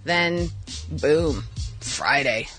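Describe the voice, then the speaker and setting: A woman co-hosting a radio morning show, wry and quick-witted in casual banter. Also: low-pitched, lively intonation, a bit bright, soft background music. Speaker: radio co-host.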